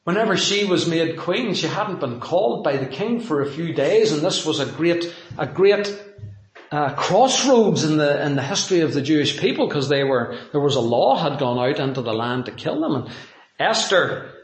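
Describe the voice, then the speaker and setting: A man's voice: a little high, animated, moderate pace. Echoey preacher man, conversational. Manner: conversational, telling personal anecdotes. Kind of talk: sermon.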